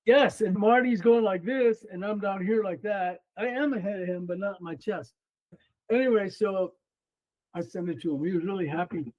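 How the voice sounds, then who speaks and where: A man in his seventies, a former runner and coach, appears as a podcast guest and tells stories about his racing days in a casual interview. He is a lively, animated storyteller whose voice sits high for a man, speaking at a moderate pace. The audio sounds slightly dull and muffled.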